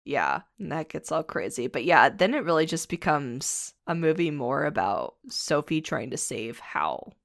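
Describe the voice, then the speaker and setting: A woman's voice: low voice, very animated, measured pace, gravelly, few pauses, no echo, studio quality. A woman co-hosting a podcast, summarizing a film casually and chiming in with "yeah" often. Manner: chatty summarizing with frequent "yeah" agreement. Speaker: podcast co-host.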